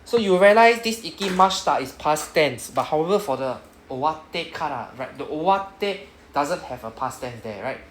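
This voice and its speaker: A man's voice: fairly high pitch, expressive, brisk, fairly bright tone. A man with a Singaporean English accent teaching a Japanese class, who ends nearly every sentence with "right?". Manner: says "right?" after nearly every sentence, coaching students. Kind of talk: classroom lesson explaining grammar. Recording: echoey classroom with background noise.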